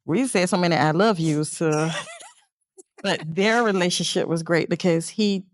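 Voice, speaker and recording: A woman's voice: on the low side, normal speed. A middle-aged woman, a mother telling of her family in an earnest, reflective, heartfelt way as an interview guest. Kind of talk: emotional personal interview.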